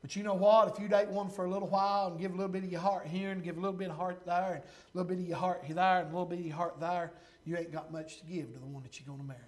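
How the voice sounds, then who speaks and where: A man preaching a sermon, reading scripture slowly and stopping for fervent, folksy asides that swing from loud to hushed. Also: sits high, steady tone. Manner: reads scripture slowly and deliberately.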